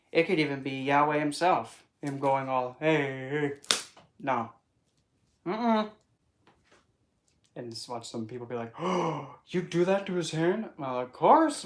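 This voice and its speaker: A vlogger talking casually to camera in a chatty, rambling and playful way, often breaking into put-on voices. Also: mid-range voice. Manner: playful, wordplay and asides. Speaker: spiritual vlogger.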